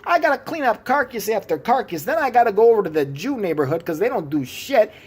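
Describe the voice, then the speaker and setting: A gruff, worn-out city cop rants sarcastically and swears at every turn, as a man puts him on in his vlog. He sounds put-upon and mocking, lifted a little above the performer's usual pitch. His delivery stays rough and dismissive. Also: very animated, fast talker, exaggerated voice. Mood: sarcastic. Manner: mocking, profane rant. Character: gruff sarcastic male Chicago cop, fed up.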